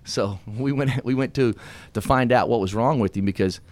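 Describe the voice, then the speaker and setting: A man's voice: medium pitch, normal speed, a little mellow. A middle-aged man hosting a radio talk show, telling personal stories in a folksy way with laughs. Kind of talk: casual storytelling talk. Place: radio studio.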